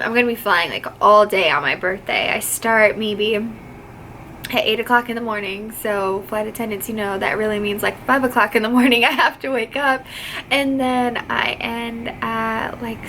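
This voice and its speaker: A woman's voice: on the high side, a bit bright, slight background noise, rough recording. A young woman vlogging about finishing flight attendant training, gushing and emotional, close to tears, talking casually with lots of filler words. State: teary, on the verge of crying. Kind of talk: casual vlog chat.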